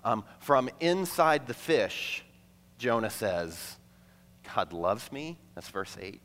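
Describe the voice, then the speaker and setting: A man preaching a sermon to a congregation, conversational and playful, acting out quick asides between the teaching. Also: mid-range voice, big pitch swings, fairly bright tone, slight background noise. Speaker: pastor. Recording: long hall reverb.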